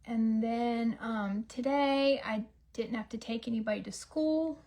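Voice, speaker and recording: A woman's voice: a little high, measured pace, dark tone. A woman, chatting and joking through a makeup routine, sometimes dropping into whispers. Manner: chatty, self-mocking, drops into whispers for asides. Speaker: beauty vlogger. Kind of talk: casual get-ready-with-me chat.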